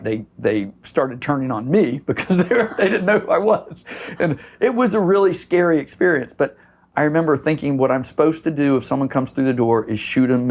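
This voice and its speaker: A man's voice: mid-range voice, creaky, darkish tone, slightly rough. A middle-aged man from Florida, a surf shop owner, telling a long story in a casual podcast interview, rambling with many fillers. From Florida, USA. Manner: rambling, many "you know" fillers, acts out quoted voices.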